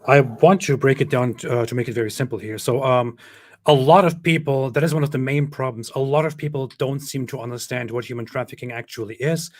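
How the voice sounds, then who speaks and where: A man's voice: medium pitch, fairly even intonation, a little fast, a little mellow. A man with a German accent explaining a legal definition point by point in a casual online discussion. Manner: explanatory, walking through a chart. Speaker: co-host.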